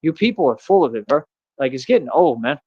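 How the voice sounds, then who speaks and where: A man's voice: medium pitch, very animated, fast, darkish tone, slightly rough, dry recording. A man ranting in a rambling, repetitive monologue on his livestream, peppering his talk with "bro" and "man". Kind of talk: casual monologue rant. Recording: dull lo-fi stream audio.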